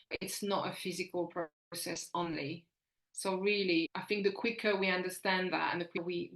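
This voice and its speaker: A woman's voice: medium pitch, fairly bright tone. A woman in her forties, a fertility coach speaking as a podcast guest, earnest and encouraging, often restarting her sentences. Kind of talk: earnest podcast interview talk. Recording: roomy echo.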